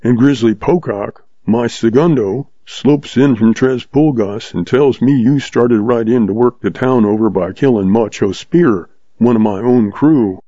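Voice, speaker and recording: A man voicing a grumpy, gruff old one-legged ranch boss in an audiobook, growling his lines, with a dull, dry, lo-fi sound. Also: medium pitch, measured pace, few pauses, dark tone, dry recording, natural voice. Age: older.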